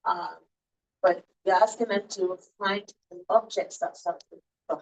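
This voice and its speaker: A woman's voice: medium pitch, fairly even intonation, a little slow, a little mellow, low-quality recording. Woman lecturing, patient and playful. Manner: explains patiently, quizzes the class, playful. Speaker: early childhood education instructor. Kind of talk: classroom lecture.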